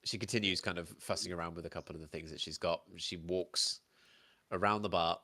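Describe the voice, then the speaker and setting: A man's voice: sits low, steady tone, a little fast, sharp tone. A man running a tabletop game as game master, narrating scenes in a chatty, laughing way.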